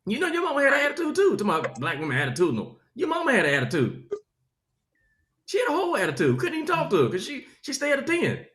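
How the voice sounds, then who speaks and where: A comedian with a Southern accent, riffing in an animated, preachy way with comic asides during an interview. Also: male voice, very high voice, fast talker, echoey room, crowd noise. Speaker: comedian guest. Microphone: video call.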